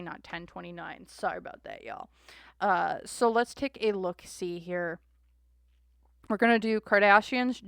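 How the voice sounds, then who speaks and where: A woman's voice: mid-range voice, fairly bright tone, clean tone, no echo, clean studio sound. A young woman, reading tarot cards casually to camera and acting out imagined quotes with casual swearing. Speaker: tarot reader.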